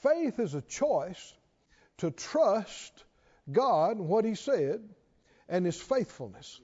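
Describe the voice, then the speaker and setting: A man's voice: sits high, sing-song, takes it slowly, mellow, slightly rough, highs cut off. A man preaching a sermon to a responding congregation, repeating questions and building to emphatic calls.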